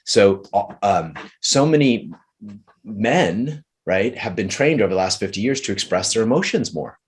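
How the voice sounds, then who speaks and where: A man leading a group session on relationships, talking earnestly and slowly, often restarting his sentences. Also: on the low side, animated, breathy edge. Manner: earnest, slow and searching, many restarts. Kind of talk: coaching talk with a participant.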